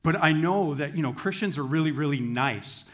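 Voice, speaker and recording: A man's voice: on the high side, normal speed, fairly bright tone. A man voicing a clever atheist man in a sermon joke, slyly bargaining his way out of trouble.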